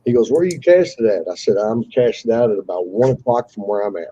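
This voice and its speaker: A man with a dark, husky voice tells a story in a loose, animated way. He swears freely and acts out the voices of the people he quotes. The sound is muffled and lo-fi, like a call. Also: fairly low pitch, quick pace. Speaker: caller telling a fishing story. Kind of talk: casual storytelling on a live call.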